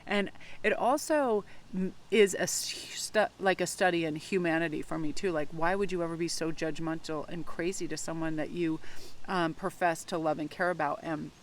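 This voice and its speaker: A woman's voice: fairly low pitch, normal speed, a little hiss or hum. Woman, tarot reader, casual vlog chat, effusive, rambling, filler words. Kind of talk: casual chatty vlog talk to viewers.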